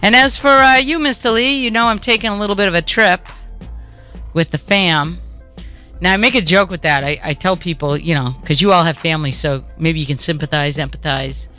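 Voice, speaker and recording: Bright Boston-accented woman host. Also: lowish voice, a little fast, faint music behind. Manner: chatty, joking, rambling with fillers. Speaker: radio show host. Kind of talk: casual comedic chat.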